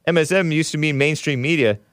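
Animated male live-stream host, dry close mic. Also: on the high side, a little fast, dry recording. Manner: animated, laughing, sighing, groaning in disgust. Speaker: show host reading super chats. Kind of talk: casual live-stream talk.

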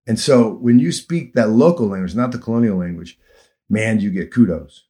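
A man's voice: fairly low pitch, lively intonation, normal speed. A man hosting a casual conversation, telling long anecdotes in an easygoing, sometimes emotional way. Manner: storytelling, drifting into soft emotional asides.

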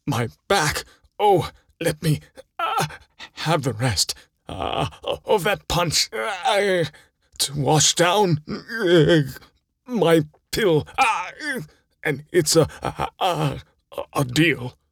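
A man's voice: lowish voice, animated, unhurried, breathy edge, dry recording, studio quality. A man voicing a crooked, greedy umpire with a bad back, groaning and stammering through his lines in a storybook reading. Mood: pleading. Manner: groaning, pleading, stammering with fillers.

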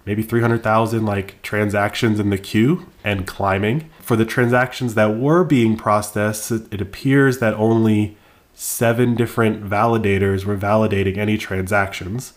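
A man co-hosting a casual podcast with his wife, explaining things in a relaxed way with dry teasing. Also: fairly low pitch, normal speed. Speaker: podcast co-host.

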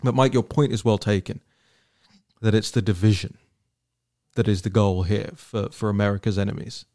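Animated man hosting political talk. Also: lowish voice, normal speed. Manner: animated, rambling, repeats words while thinking aloud. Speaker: podcast host. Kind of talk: political talk-show conversation.

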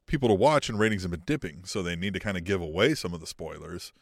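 A man co-hosting a podcast in casual chat, animated, swearing freely and acting out lines. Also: sits low, quick pace, dry recording, clean studio sound. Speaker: podcast co-host.

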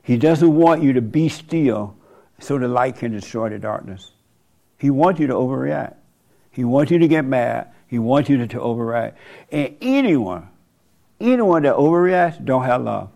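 A man's voice: medium pitch, expressive, moderate pace, gravelly, dark tone. A man hosting a casual, preachy monologue, rambling and colloquial, often laughing at his own remarks.

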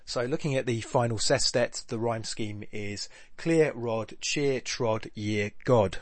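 A man's voice: mid-range voice, slow pace, no room sound. A man hosting a poetry podcast, talking through a sonnet in a casual, rambling way, correcting himself as he goes. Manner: rambling, self-correcting, with filler ums and restarts. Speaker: podcast host analysing poetry. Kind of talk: casual spoken analysis, thinking aloud.

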